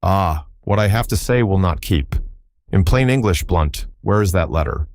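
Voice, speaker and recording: A man's voice: low-pitched, lively intonation, moderate pace, darkish tone, slight background noise. A man voicing a sneering, menacing foreign spy villain in an audiobook. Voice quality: silky, menacing.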